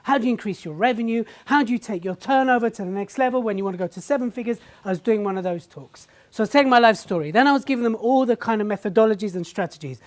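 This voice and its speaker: A woman giving an animated stage talk to a live audience. She tells stories, acts out people's reactions and keeps asking the audience questions. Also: on the high side, very fast, few pauses. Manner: animated storytelling, acting out reactions. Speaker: public speaker.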